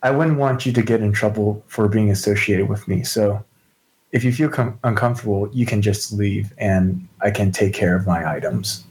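A man's voice: lowish voice, moderate pace, darkish tone, natural voice, rough recording. A man voicing a polite, cautious young woman adventurer who speaks thoughtfully. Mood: friendly.

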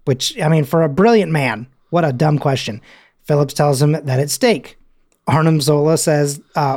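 A podcast host casually recaps a movie scene, reading its lines aloud and adding his own asides in a chatty way. His voice is a little high and a little mellow, at a moderate pace.

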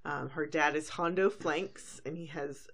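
A woman's voice: deep voice, fairly even intonation, measured pace, a bit bright. A woman in her thirties, a podcast co-host, chatting casually as she recaps an episode and acts out lines.

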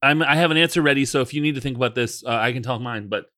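A man co-hosting a podcast, asking questions in a lively, casual way. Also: medium pitch, dry recording, studio quality. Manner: lively questioning, quick bursts. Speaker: podcast co-host. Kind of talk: casual chat.

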